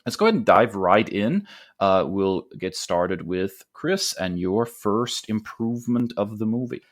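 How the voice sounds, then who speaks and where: A man hosting a casual podcast, talking in a relaxed way with frequent fillers. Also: lowish voice, measured pace. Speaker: podcast host.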